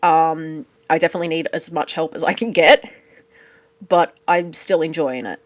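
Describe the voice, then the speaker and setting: A woman's voice: low voice, fairly even intonation, normal speed, dry recording. A woman co-hosting a casual podcast, chatty and playful, teasing her co-host. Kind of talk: casual chat.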